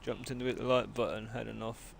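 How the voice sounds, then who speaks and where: Gravelly man chatting on stream. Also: mid-range voice, level tone, fairly quick, slight background noise. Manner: chatty, laughing, greets viewers as mate. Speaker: game streamer. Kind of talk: live-stream chat while gaming.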